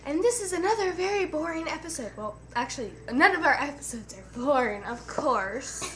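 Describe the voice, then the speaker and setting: A young woman with a very high voice, co-hosting a homemade video with a friend. She talks in a bossy, teasing way and breaks into loud exclamations now and then. A faint hiss of noise sits under her voice. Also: lively intonation, a little fast. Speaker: co-host. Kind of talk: casual chat on camera.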